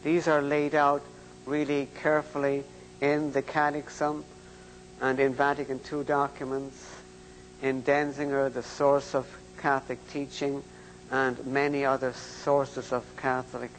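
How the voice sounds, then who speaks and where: An older man preaching in a slow, emphatic, deliberate way. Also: medium pitch, monotone, long reverb tail, a little hiss or hum, poor audio. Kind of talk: sermon-style lecture.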